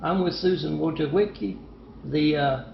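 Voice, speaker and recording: A man voicing a male pilot with a thick foreign accent, who speaks in a casual, halting boast. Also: on the high side, creaky, slight background noise. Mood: offhand. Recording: roomy dull lo-fi recording.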